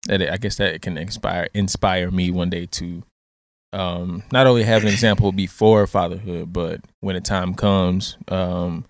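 A young man co-hosting a casual podcast, soft-spoken and hesitant, with many pauses and words of agreement. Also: low voice, fairly even intonation, no echo, clean studio sound. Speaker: podcast co-host. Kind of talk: casual chat.

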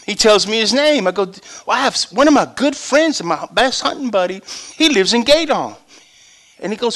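An older man, a pastor, preaching a sermon with animated storytelling that swings between loud and hushed. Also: high voice, normal speed.

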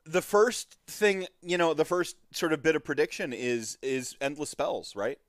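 A man's voice: a little high, a little slow, no room sound, clean studio sound. A man hosting a casual hobby podcast, talking in a rambling, friendly way with lots of filler words and frequent laughs. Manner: laughs often, friendly and upbeat. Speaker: podcast host.

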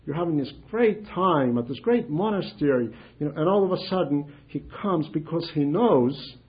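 A man's voice: fairly high pitch, animated, normal speed. A man giving an informal spiritual talk to a group, speaking conversationally, repeating phrases and acting out simple prayers. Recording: dull lo-fi sound.

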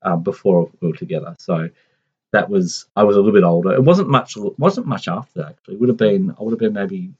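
A man's voice: low voice, fast, darkish tone, husky. A man in his forties telling a family story in a casual, rambling way, full of restarts and asides. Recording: dull lo-fi sound.

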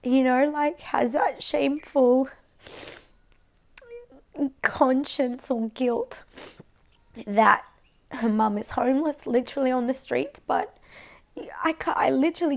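A woman's voice: sits high, takes it slowly, gravelly, pauses often. Frustrated Australian woman venting to camera. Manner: venting, frequent swearing and "like" fillers. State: near tears, voice breaking. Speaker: vlogger. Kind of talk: emotional personal vlog.

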